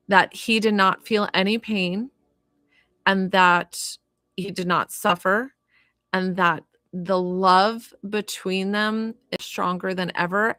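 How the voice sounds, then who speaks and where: A woman giving a live spirit reading as a medium, chatty and filled with "like" and "you know", gentle and consoling as she passes on messages. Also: mid-range voice, no echo. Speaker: psychic medium.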